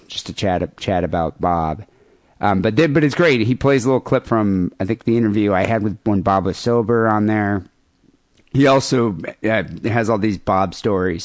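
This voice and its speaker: A man's voice: lowish voice, dry recording. A man hosting a podcast in loose, joking banter. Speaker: podcast host. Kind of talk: casual podcast chat.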